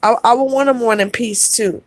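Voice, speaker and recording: A woman's voice: fairly high pitch, brisk, no echo. A middle-aged woman vlogger talking heartfelt to her live chat, calling her viewers y'all and repeating herself for emphasis. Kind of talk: emotional livestream chat.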